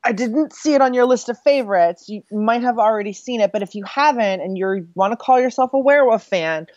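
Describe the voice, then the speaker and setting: A woman's voice: a little high, fairly quick, darkish tone, dry recording. A woman co-hosting a podcast in casual chat, chatty and a bit scattered, reading listener mail aloud. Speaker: podcast co-host. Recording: slightly dull, dry podcast audio.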